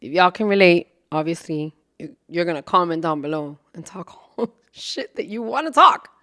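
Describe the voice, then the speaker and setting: A woman's voice: fairly low pitch, animated, normal speed. A woman hosting a casual podcast, brash and profane, laughing often and dropping into whispered asides. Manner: brash and profane, laughing, switching into Spanish phrases; drops into loud whispers for asides. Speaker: podcast host. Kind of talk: casual solo podcast chat.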